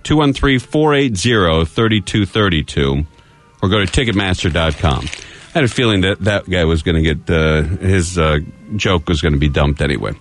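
Lively low-voiced male radio host. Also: moderate pace, soft background music. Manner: joking, laughs often, loose. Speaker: radio talk show host. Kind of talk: casual call-in radio banter.

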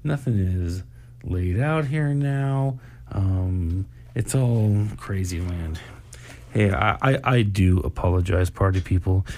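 A man's voice: low voice, slow pace, a little mellow. A man hosting a live stream, rambling casually with apologies and laughs.

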